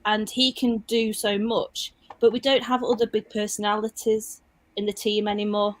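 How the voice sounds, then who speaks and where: A woman's voice: medium pitch, little pitch movement, moderate pace. A woman, a football fan, chatting casually with plenty of fillers and restarts. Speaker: Leeds fan guest. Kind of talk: casual chat.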